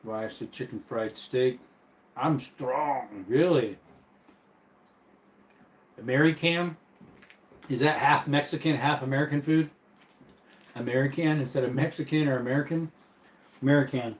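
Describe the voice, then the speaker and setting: A man's voice: mid-range voice, measured pace, pauses often, reverberant, poor audio. Chatty man hosting a live stream. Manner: easygoing and chatty, laughs often. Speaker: livestream host. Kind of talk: casual live-stream chat, reading viewer comments. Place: bedroom.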